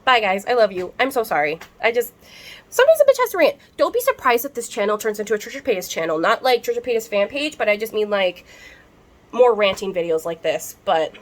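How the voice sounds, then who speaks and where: A woman's voice: mid-range voice, a little fast. Young woman, vlogger, heated unscripted rant, profane, rambling, lots of fillers. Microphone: camera.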